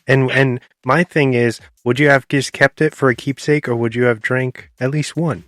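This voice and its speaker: A man's voice: mid-range voice, steady tone, moderate pace, a bit bright, dry recording, studio quality. A man co-hosting a casual podcast film review, asking questions and laughing along. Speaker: podcast co-host.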